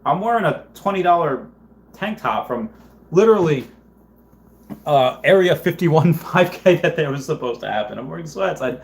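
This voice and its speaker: A man hosting a casual livestream, talking in a rambling, halting way with many restarts and fillers. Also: fairly high pitch, animated, creaky. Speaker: livestream host.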